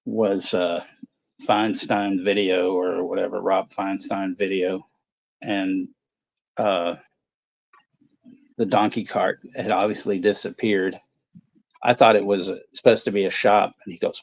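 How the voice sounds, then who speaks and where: A man co-hosting a casual movie watch-along stream, telling stories in a halting, rambling way full of fillers. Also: deep voice, fairly even intonation, gravelly. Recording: dull lo-fi stream audio.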